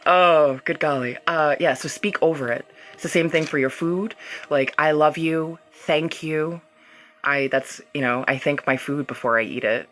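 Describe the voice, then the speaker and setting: A reiki healer hosts a live-streamed healing session, speaking directly to her viewers and reading out their comments in a loose, chatty way while laughing often. Her bass voice has a fairly bright tone and moves at a moderate pace.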